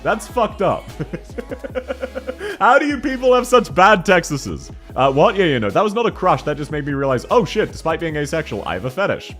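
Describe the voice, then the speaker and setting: A man's voice: sits high, sing-song, normal speed, a bit bright, slightly rough, faint music behind. A young Australian man streaming a game, chatting casually, teasing his chat, swearing and laughing often. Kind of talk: casual live-stream chat while playing.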